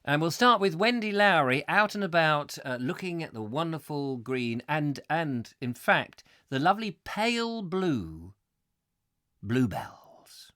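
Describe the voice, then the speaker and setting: A man's voice: on the high side, very animated, a little slow, pushed and bright. A man from England hosting a live comic chat show, rambling and jokey. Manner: rambling, jokey, does silly voices.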